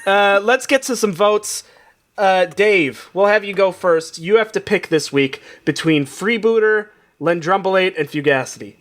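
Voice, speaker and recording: Higher-voiced joking podcast host. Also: male voice, unhurried, fairly bright tone. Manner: joking, laughs often, runs the votes. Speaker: game show host. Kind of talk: comedy improv podcast.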